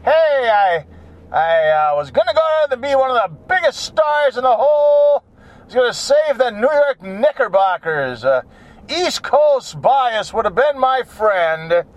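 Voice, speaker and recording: A man's voice: very high voice, sing-song, a little slow, heavily acted. A man putting on the voice of a disappointed young male basketball rookie who gripes about where he is headed. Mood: griping.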